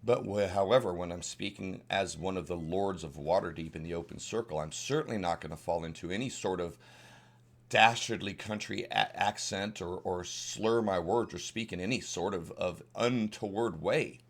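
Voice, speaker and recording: A man's voice: deep voice, normal speed. An older man with a Southern US accent, giving a casual, rambling tutorial on running tabletop games. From Southern United States. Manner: rambling, folksy, frequent restarts and fillers. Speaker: dungeon master tutorial host. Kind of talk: casual instructional talk.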